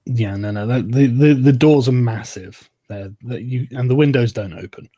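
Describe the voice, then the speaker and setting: A man narrating as the game master of a tabletop game, calm and measured. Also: mid-range voice, slightly rough.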